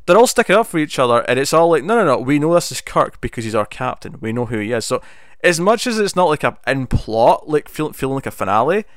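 A man's voice: medium pitch, sing-song, fast talker, no echo. A man in casual podcast conversation, talking through a TV episode he enjoyed. His mid-range voice jumps up when he acts out scenes. The sound is dry and close to the mic. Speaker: podcast co-host. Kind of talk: casual chat reviewing a TV episode.

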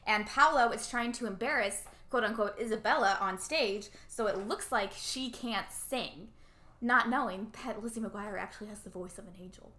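A woman casually recapping a movie plot as a podcast co-host, animated and acting out the characters' lines. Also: mid-range voice, normal speed. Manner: animated, acts out characters' lines, laughs often.

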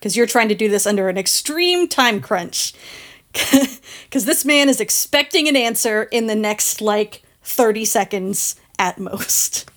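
A woman running a tabletop game as game master, narrating with frequent laughs and halting fillers. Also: on the high side, lively intonation, a bit bright.

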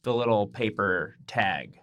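A bright, fairly high male voice with a lively, swooping pitch trades jokes as a podcast co-host. He leans into playful mock outrage, and the sound is close and dry. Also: takes it slowly, no room sound. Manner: animated, mock-outraged banter. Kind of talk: casual chat.

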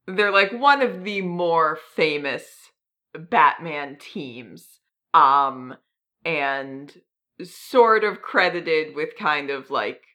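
This podcast co-host talks very slowly yet animatedly, her low-pitched voice carrying a sharp tone. In easygoing chat she hesitates often, filling gaps with ums and putting herself down in passing.

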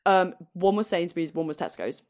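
A woman's voice: lowish voice, expressive, brisk, a little mellow. Giggly young woman. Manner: giggly, tells stories with acted quotes. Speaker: podcast co-host. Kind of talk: casual chat.

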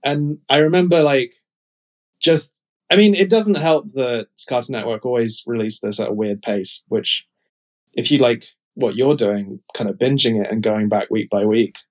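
A man's voice: medium pitch, moderate pace. A man in casual podcast chat, rambling and full of fillers as he shares opinions. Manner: chatty, rambling, frequent fillers. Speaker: podcast co-host.

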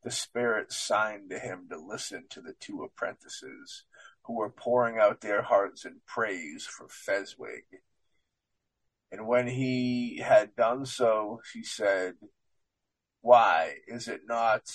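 A man's voice: lowish voice, huge pitch swings, no room sound, low-quality recording. A man reading passages aloud with small slips, then rambling in casual commentary and often asking "you know what I mean". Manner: reads aloud haltingly with slips. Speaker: show presenter discussing a book.

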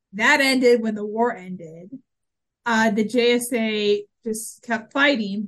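A woman's voice: on the high side, a bit bright. A woman co-hosting a podcast, chatting casually and restarting her sentences as she recaps an episode. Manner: chatty, frequent restarts and fillers. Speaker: podcast co-host.

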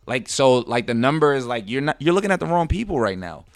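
A man's voice: mid-range voice, very animated, quick pace, no echo. An American man in casual political chat, earnest and rambling, saying "like" a lot. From United States.

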